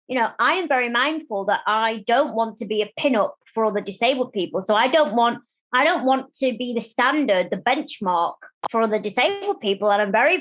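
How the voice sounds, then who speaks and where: A woman from Germany, a guest on an interview show, talking candidly and with animation about her life. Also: on the high side. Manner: animated, chatty, acts out quoted voices. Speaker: guest, disability rights campaigner.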